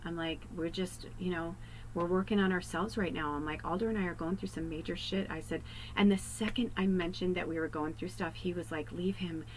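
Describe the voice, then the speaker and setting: Low-voiced woman rambling through a card reading. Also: a little fast, slight background noise, low-quality recording. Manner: rambling, animated, often drops to a hushed aside. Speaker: psychic medium giving a card reading. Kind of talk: casual spiritual card reading.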